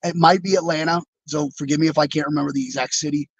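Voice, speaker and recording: High, gravelly man telling stories. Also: fairly even intonation, fast, no room sound, muffled recording. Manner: rambling, reflective, many fillers and restarts. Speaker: interview guest, former wrestler. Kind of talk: casual storytelling.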